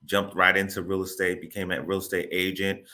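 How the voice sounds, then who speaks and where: Bright-voiced, lively man telling his story. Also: deep voice, a little fast. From Boston area, Massachusetts. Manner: animated, repeats himself, informal grammar. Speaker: guest, real estate broker. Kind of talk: casual interview storytelling.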